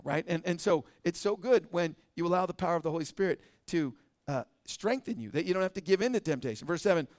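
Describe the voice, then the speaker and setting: A man teaching a church service, speaking earnestly in a conversational way, often asking "right?", and reading scripture slowly and deliberately. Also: fairly high pitch, lively intonation, a little mellow, dry recording, clean studio sound. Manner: earnest, asks the crowd with a frequent "right?". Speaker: pastor teaching a midweek service.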